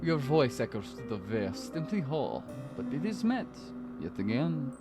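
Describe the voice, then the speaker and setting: A man voicing a brooding game narrator in a put-on Eastern European vampire accent, throaty and slow, reading dramatically. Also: medium pitch, big pitch swings, over music. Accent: generalized Eastern European vampire accent, put on. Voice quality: throaty, air dragged across the larynx.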